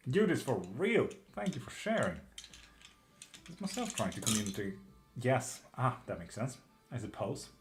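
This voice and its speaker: Over music, a Swedish man's mid-range, sing-song voice moves at a moderate pace as he reads tarot live for viewers. He's loose and casual, swearing occasionally and laughing often, with keyboard clicks audible in clear background noise.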